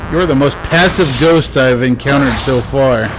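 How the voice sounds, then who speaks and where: A man's voice: mid-range voice, unhurried, background noise. A man giving casual let's-play commentary as a game streamer, chatty and joking, talking back to the ghosts on screen.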